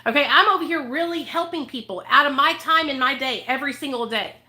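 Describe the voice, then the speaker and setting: A woman's voice: sits high, fast talker, pushed and bright. A woman vlogger who works as a recovery advocate, delivering an angry, profane rant straight to her viewers and hammering each point again and again. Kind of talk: heated rant to camera.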